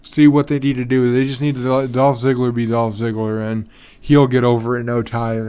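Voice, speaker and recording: A man's voice: medium pitch, level tone, a little fast, warm tone, clean tone. A man hosting a podcast on his own in a casual, rambling way, full of ums and restarts, yawning and tired. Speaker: podcast host. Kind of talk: casual solo podcast talk.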